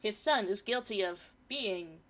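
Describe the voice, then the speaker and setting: A woman's voice: mid-range voice, expressive, measured pace. A woman streamer reading a forum story aloud and chatting about it, swearing casually, her throat a bit irritated from pollen.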